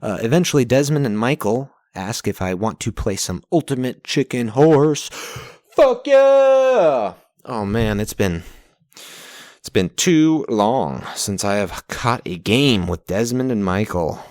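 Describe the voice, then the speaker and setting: A man's voice: lowish voice, lively intonation, unhurried, a little mellow, dry recording, studio quality. A young man hosting a podcast from home on a pop-filtered mic, recapping his journal week in a casual, sarcastic, profane way and getting easily exasperated. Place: home recording setup.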